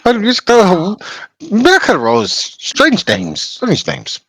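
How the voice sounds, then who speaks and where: Guy doing a high loud indian accent cabbie, cheery, mishears everything on purpose. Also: wildly swooping pitch, dry recording, heavily acted, rough recording. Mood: puzzled. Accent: put-on Indian accent. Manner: cheerful, deliberately mishears requests. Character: pushy male cab driver blasting music.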